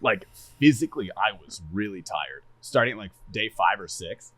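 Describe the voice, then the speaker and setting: A man casually chatting on a podcast, animated and laughing a lot, swearing freely and stumbling over repeated words. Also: lowish voice, normal speed, no room sound. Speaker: streamer and podcast co-host.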